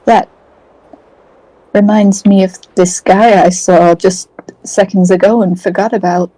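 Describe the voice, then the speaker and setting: A woman's voice: mid-range voice, fairly even intonation, unhurried, warm tone, dry recording, poor audio. A British woman taking part in a tabletop game, talking in a playful, giggly way. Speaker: player.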